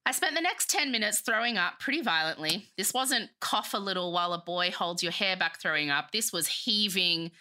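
A young woman in her twenties hosting a podcast, chatting casually and reading her memoir in an animated, self-mocking way that often breaks into laughter. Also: on the low side, moderate pace, hardly any pauses, slight background noise. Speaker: podcast host.

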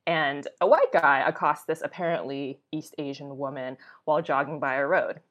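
A young woman, a travel blogger, chatting casually as a podcast guest, full of fillers and quick to laugh. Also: sits low, fairly bright tone, highs cut off. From United States. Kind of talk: casual conversation.

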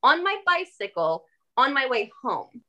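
Lively, bright-voiced woman telling a story. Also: high voice, measured pace, highs cut off. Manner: animated, emphatic, swears. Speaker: podcast guest. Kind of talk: casual storytelling conversation.

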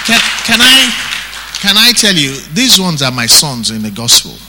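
A male pastor with a Nigerian accent, preaching an animated sermon that acts out the scriptures he quotes. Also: fairly high pitch, normal speed, very noisy. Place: church hall. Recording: breathy voice in long hall reverb.

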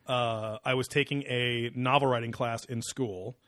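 Brief: young male co-host, crude rambling banter, medium pitch, dry close sound. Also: steady tone, unhurried, a bit bright, no room sound. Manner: rambling, crude, laughs often. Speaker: podcast co-host. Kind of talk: casual comedic chat.

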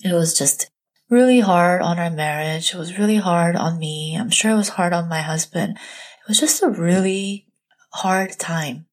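A woman's voice: on the low side, unhurried. A young woman and mother telling her own story to her viewers in a candid, confiding way, full of "like" and "you know". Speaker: mom vlogger. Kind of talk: personal storytime to camera.

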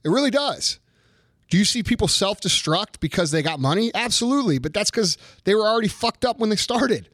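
Brief: high-voiced man in his thirties, profane heated rant, bone-dry close sound. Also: expressive, fairly quick, fairly bright tone, no room sound. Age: 30s. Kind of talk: casual chat.

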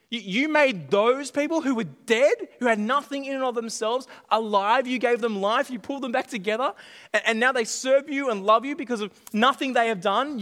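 A middle-aged man preaching a sermon, animated and jokey, often repeating his phrases. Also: very high-pitched. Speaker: pastor. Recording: long hall reverb.

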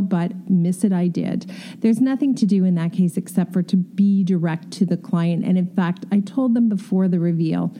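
Mellow-voiced woman telling candid work stories. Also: fairly low pitch. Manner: candid, self-deprecating, emphatic. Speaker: interior designer. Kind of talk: storytelling advice talk.

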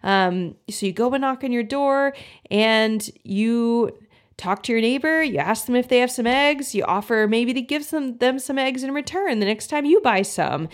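A young woman hosting a podcast as a health coach, talking in a friendly, earnest way and acting out inner thoughts in animated little voices. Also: on the high side, normal speed. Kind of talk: casual solo podcast talk.

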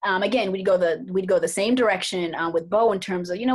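Husky-voiced woman therapist, earnest. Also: medium pitch, quick pace, few pauses, darkish tone. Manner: earnest, thoughtful, repeats words for emphasis. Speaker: couples therapist. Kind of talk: casual podcast discussion.

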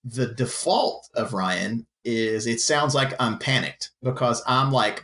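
A man, a firefighter, talking casually on a podcast in animated bursts with frequent restarts. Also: mid-range voice, moderate pace, few pauses. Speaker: firefighter guest.

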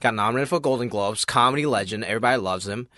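A man's voice: on the low side, rapid-fire, bright, forceful tone, dry recording, clean studio sound. A man in a casual podcast chat, speaking emphatically and joking as he makes his points. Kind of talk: casual conversation.

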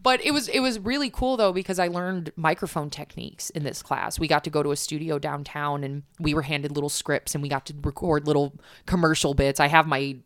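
Woman, low voice, casual chat, filler-heavy, dry close sound. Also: fairly even intonation, fairly quick, a bit bright, no room sound. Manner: chatty, lots of fillers and restarts.

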